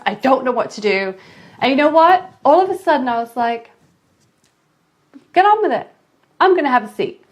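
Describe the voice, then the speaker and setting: A mother telling a parenting story in a casual vlog, animated and dramatic, with big jumps in pitch. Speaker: mother sharing parenting advice.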